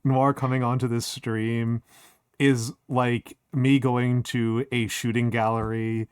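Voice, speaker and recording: A man's voice: mid-range voice, flat delivery, takes it slowly, clear, resonant tone, no room sound, clean studio sound. A man hosting a live stream, chatting casually, rambling with repeated words and frequent laughs. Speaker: streamer host.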